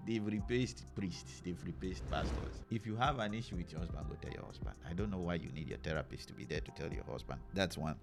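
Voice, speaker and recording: A man's voice: low-pitched, fairly quick, gravelly, few pauses, music in the background. A man giving blunt, preachy commentary on relationships and acting out what other people say. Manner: animated, preachy, acts out quotes. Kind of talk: opinionated reaction commentary.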